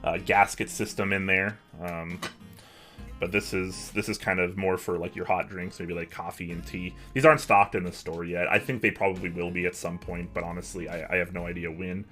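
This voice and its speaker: A man's voice: low voice, fairly even intonation, moderate pace, sharp tone, soft background music. A young man hosting a casual livestream from his home office, chatting and answering viewer messages. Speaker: livestream host.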